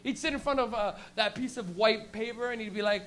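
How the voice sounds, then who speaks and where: A man with a high voice works a small comedy room. His stand-up is loose and full of swearing, and he jumps into little acted-out bits. He grew up in Canada. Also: quick pace, few pauses. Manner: loose, profane, animated storytelling with acted-out bits.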